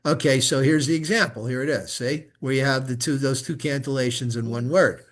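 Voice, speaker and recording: A rabbi with a steady, slightly bright voice of medium pitch gives a one-on-one lesson in chanting Torah. Slow and patient, he models each Hebrew word for his student to repeat.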